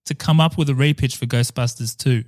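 A man's voice: medium pitch, steady tone, a little fast, a little mellow, no echo, studio quality. Chatty, laughing podcast host man. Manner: playful, laughs often, chatty with restarts. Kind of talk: casual chat.

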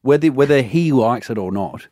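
A man hosts a breakfast radio show, teasing and joking in playful banter. His pitch leaps around a lot. The studio mic sound is close and dry. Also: animated, moderate pace, dark tone, no echo. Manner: teasing, jokey.

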